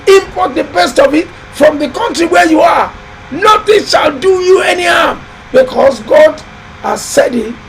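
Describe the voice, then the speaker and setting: A man hosting a live building-advice show, talking in a loud, emphatic, exhorting way with lots of repetition. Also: extremely high pitch, a little hiss or hum, low-quality recording. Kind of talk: live-stream motivational talk.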